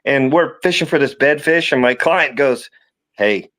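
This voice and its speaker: Animated fishing guide. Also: male voice, moderate pace. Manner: animated storyteller, acts out quotes with big pitch jumps. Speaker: fishing guide, podcast host. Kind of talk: casual chat.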